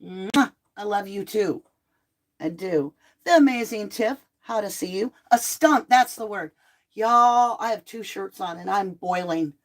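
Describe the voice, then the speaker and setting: A middle-aged woman hosting a live true crime tarot chat from home, talking casually and bluntly with animated asides while she is sick on cough medicine. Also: medium pitch, a little slow. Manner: chatty, blunt, animated asides and mock quotes.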